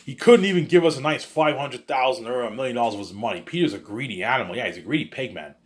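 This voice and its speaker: A man's voice: mid-range voice, lively intonation, fast. A man rambling in a casual monologue, repetitive and boastful. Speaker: monologue host.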